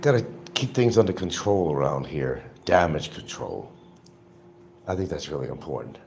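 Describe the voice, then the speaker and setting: A man's voice: extremely low pitch, animated, normal speed, vocal fry, darkish tone, slight background noise. An older man rambling in a casual, opinionated monologue to his viewers as a livestream host. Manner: opinionated, drifting, talks to viewers.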